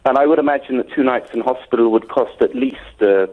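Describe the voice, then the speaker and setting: A man's voice: mid-range voice, quick pace. A British man calling in to a radio show, telling his story in a rambling way with many hesitations. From Britain. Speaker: caller. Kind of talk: phone-in call. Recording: tinny phone line.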